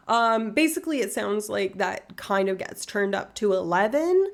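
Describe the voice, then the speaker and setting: Casual woman streamer, gravelly voice, mid pitch, chatty and loose. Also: animated, a little slow, hardly any pauses. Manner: chatty and swears freely, with frequent ums. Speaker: streamer discussing neuroscience. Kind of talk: casual live-stream chat.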